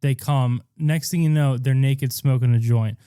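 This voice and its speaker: Male co-host, dark mellow voice, dry close mic, rambling profane storyteller. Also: medium pitch, moderate pace, clear, resonant tone, dry recording. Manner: rambling, profane, animated retelling with quoted voices. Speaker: podcast co-host. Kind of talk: casual crude storytelling chat.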